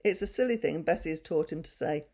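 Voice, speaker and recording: Sensible boy, plain and steady, read by a woman. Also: low voice, fast talker. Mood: earnest. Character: sensible older boy, the big brother.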